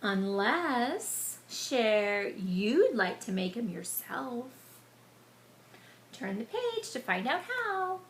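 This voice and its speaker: A woman reading a picture book aloud to children, animated and stopping to explain words to them. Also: a little high, drawn-out words, a little hiss or hum. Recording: echoey room.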